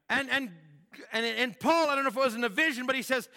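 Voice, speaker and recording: A man preaching a sermon in a church hall, telling stories with animation, acting out voices and rising to shouts. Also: very high-pitched, quick pace. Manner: animated storytelling, acts out voices, rises to shouts. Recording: long hall reverb.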